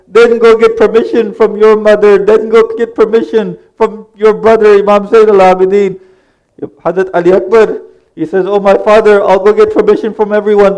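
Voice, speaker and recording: A man's voice: sits high, a little mellow, lo-fi sound. A man preaching a religious sermon. He tells the story in earnest, addresses the congregation directly, and voices each figure's lines as quoted dialogue. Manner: retells dialogue in quoted speech.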